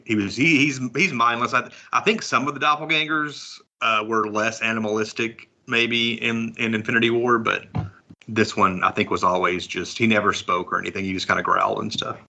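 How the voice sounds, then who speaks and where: Man, podcast co-host, casual chat, musing, hedging, lowish voice, forceful bright tone. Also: fairly even intonation, brisk, vocal fry. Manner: musing, hedging with "I guess" and "I think".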